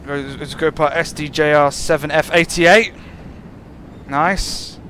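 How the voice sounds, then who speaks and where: A man's voice: fairly high pitch, steady tone, slow pace, fairly bright tone, a little hiss or hum. A man giving casual, musing commentary while playing a train simulator, chuckling often. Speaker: gameplay channel host.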